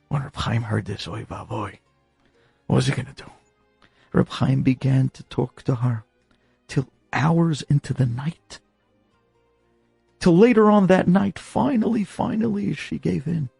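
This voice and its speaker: A man telling an inspirational story with dramatic, animated delivery, slipping in Hebrew and Yiddish terms. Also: medium pitch, a little slow, creaky, pauses often, breathy edge, no echo, faint music behind.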